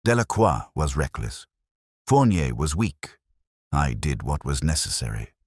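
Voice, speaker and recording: A man's voice: extremely low pitch, big pitch swings, unhurried, husky, no echo, studio quality, full character voice. A man voicing a furious French colonel. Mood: bitter. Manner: defiant, haughty.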